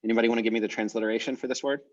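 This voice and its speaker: A man's voice: medium pitch, fairly even intonation, racing. A man teaching an online language class, speaking casually and thinking aloud as he works things out. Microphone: video call. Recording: dull, muffled video call audio.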